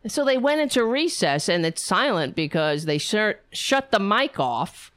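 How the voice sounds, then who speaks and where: A woman's voice: medium pitch, very animated, unhurried, fairly bright tone, dry recording. A woman commentator reacting to a clip with sarcasm, scorn and free swearing. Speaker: political commentator.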